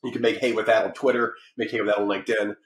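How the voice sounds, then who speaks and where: A man's voice: fairly low pitch, rapid-fire. Middle-aged guy rambling on a podcast, lots of ums and restarts, kinda echoey. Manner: rambling, lots of restarts and fillers, animated when telling stories. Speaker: podcast guest, publishing company founder. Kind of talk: casual interview talk.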